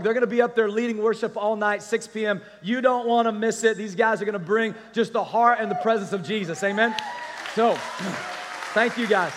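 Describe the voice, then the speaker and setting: A man preaching a sermon as pastor, energetic and calling out to the congregation. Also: sits high, long reverb tail, a little hiss or hum.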